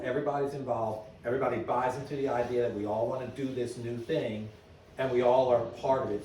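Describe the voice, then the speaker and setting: A middle-aged man speaks to a meeting audience as a lively storyteller who keeps checking in with the room. His voice booms around a very echoey hall, picked up from a distance. A faint room hum sits underneath. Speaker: business owner giving a presentation. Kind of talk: conference talk to an audience.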